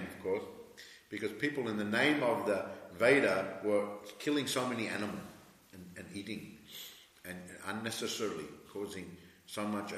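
Man, scripture lecture, halting speech with fillers, emphatic, bright sharp tone, roomy hall echo. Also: on the low side. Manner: halting, with many fillers and restarts, then emphatic. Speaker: spiritual teacher giving a scripture class. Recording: echoey hall with long reverb.

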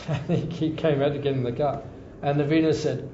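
A man's voice: fairly high pitch, fairly even intonation, normal speed, dark tone, slight background noise. A man giving an informal scripture class, telling stories chattily and repeating phrases for emphasis. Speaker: devotional class speaker. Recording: echoey room, slightly dull sound.

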